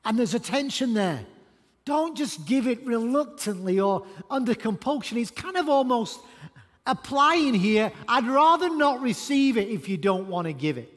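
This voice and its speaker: A male pastor delivers an animated, emphatic sermon in a church auditorium. His voice sits very high for a man, and a long hall reverb trails every phrase. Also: moderate pace. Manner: animated, emphatic preaching with sudden loud bursts.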